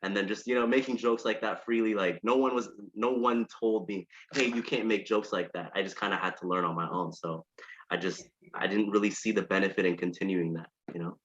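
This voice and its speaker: A man's voice: deep voice, steady tone, fairly quick, fairly bright tone, muffled recording. A man from Ethiopia, a podcast guest, telling stories in a loose, joking way full of "like"s. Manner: loose, joking, storytelling with many "like"s. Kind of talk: casual interview conversation.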